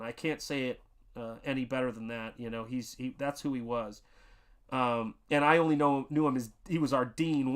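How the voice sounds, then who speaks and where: A man's voice: medium pitch, a bit bright. A man from Tennessee chatting casually on a live art stream, rambling through a story and greeting viewers in the chat. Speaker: livestreaming artist.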